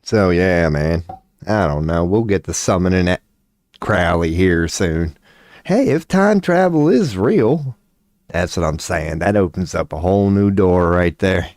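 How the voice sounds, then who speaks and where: A man whose voice sits low and a little mellow speaks in an expressive, unhurried way, riffing casually and profanely on his home webcam stream. He jokes loosely and lapses into silly voices in rambling stream talk. The webcam mic gives a dry, clean studio sound.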